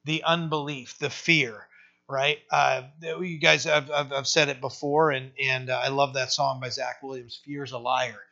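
A man's voice: mid-range voice, level tone, measured pace, creaky, pushed and bright. A man preaching a conversational sermon to his church and often asking "right?" to his listeners. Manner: rhetorical questions, asks "right?" often. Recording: dull lo-fi sermon recording.

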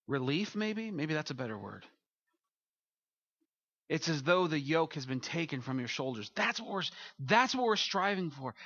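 A man's voice: a little high, big pitch swings, normal speed, fairly bright tone, no room sound, lo-fi sound. A man as pastor, preaching a sermon and leading a closing prayer, earnest and building to emphatic peaks.

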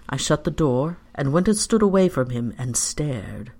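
A storyteller reading a story aloud in the first person, in a measured and expressive way. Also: medium pitch. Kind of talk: scripted narration of a story.

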